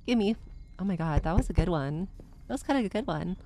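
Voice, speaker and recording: A woman's voice: on the low side, expressive, brisk, mellow, a little hiss or hum. A woman streamer giving chatty live commentary on a horror game, gasping and swearing easily, with a reverb filter on her voice.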